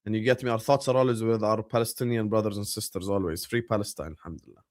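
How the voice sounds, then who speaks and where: A young man hosting a live football watchalong, chatting casually with his viewers and shouting at big moments of the match. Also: on the low side, quick pace. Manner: animated, bursts into loud shouts at match moments, banters with chat. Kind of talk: casual live-stream chat and match commentary.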